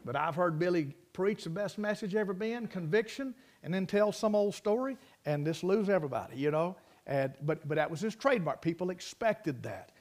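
High-voiced folksy preacher man. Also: expressive, moderate pace, few pauses, darkish tone. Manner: folksy, rambling, plainspoken. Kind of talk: sermon with storytelling.

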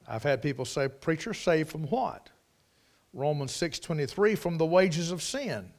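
A man's voice: a little high, animated, normal speed. Emphatic preacher man. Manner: emphatic, repeats key words for stress. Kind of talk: sermon.

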